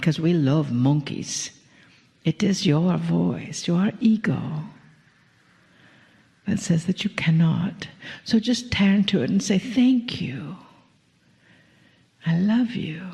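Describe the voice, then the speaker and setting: A woman delivering a channeled spiritual message to an audience, speaking slowly and gently, playful at times and often dropping to a whisper. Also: on the low side, creaky, long reverb tail.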